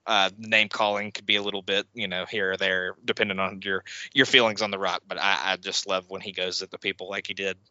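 A man co-hosting a casual podcast, speaking enthusiastically with frequent halting restarts. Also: low voice, level tone, pushed and bright, no room sound. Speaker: podcast co-host. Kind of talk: casual wrestling podcast chat. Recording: dry, dull lo-fi podcast audio.

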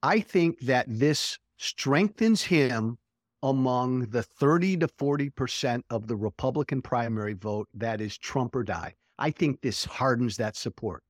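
A man's voice: mid-range voice, animated, unhurried, no room sound, studio quality. A man speaking as a guest in a casual political chat, blunt and profane, laughing often.

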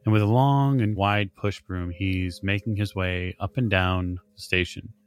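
A man narrating as game master of a tabletop role-playing game, describing scenes in an unhurried, descriptive way with many fillers. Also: low-pitched.

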